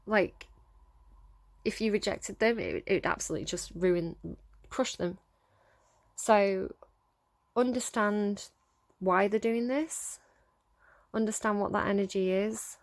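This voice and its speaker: A woman's voice: mid-range voice, slow, long pauses, dry recording. A woman giving a casual tarot reading straight to her viewers, earnest and coaxing, laughing often between points. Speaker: tarot reader.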